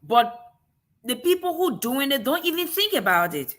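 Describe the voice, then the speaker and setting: Very animated and a bit bright, this African woman's high voice moves at a moderate pace, carrying her African accent. As host of a relaxed talk-show conversation, she presses emphatic points through sharp rhetorical questions.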